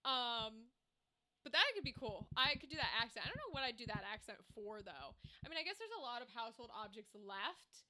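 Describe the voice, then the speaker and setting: High bright-voiced woman streaming, rambly and animated, swears a lot. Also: brisk. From Irish background. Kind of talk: casual chat to a live stream.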